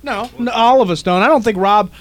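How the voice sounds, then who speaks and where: Fast-talking, wisecracking radio co-host man. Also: sits high. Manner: provocative, wisecracking. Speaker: radio talk show co-host taking calls. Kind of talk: late-night radio banter.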